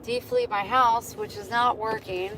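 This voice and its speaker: A woman's voice: a little high, fairly even intonation, measured pace, noisy background. Woman venting into her phone outdoors. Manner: cooing baby talk to cats, then frank venting to viewers. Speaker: vlogger. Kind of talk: casual vlog chat. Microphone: phone held in hand.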